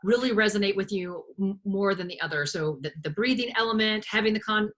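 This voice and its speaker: A woman presenting a workshop over a video call, her voice bright and forward. She talks loosely, with frequent fillers and repeated words as she gathers her thoughts. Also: mid-range voice, brisk. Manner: hesitant, many restarts and fillers. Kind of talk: live webinar presentation.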